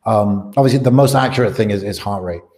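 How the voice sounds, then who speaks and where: A man's voice: fairly low pitch, quick pace, darkish tone. A man co-hosting a podcast, talking in a laid-back, casual way. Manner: laid-back, listens with short "mm" and "yeah". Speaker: podcast co-host. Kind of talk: casual chat.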